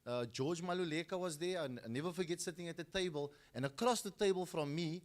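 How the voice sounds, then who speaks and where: A man's voice: a little high, quick pace. A middle-aged man with a South African accent, giving a storytelling speech at a school football launch and acting out the people he quotes.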